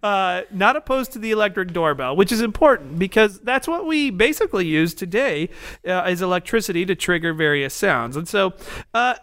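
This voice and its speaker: Male comic host, high-pitched, very animated, loose jokey explainer. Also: normal speed. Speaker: comedy sketch host. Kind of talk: comedic explainer sketch.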